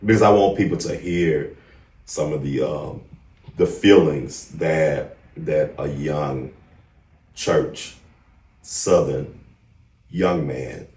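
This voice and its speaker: A man with a very low voice hosts a heartfelt interview, talking in a casual, emphatic way and dropping to soft, careful questions. He sits away from the mic, so the sound is distant. The room rings with a lot of echo. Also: takes it slowly, long pauses. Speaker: podcast host.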